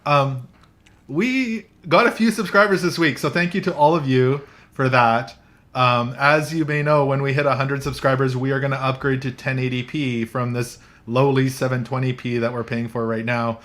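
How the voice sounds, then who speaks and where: A man's voice: medium pitch, steady tone, moderate pace, fairly bright tone. A man hosting a casual tech chat show from a coffee shop, chatty and joking, laughing often. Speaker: podcast host.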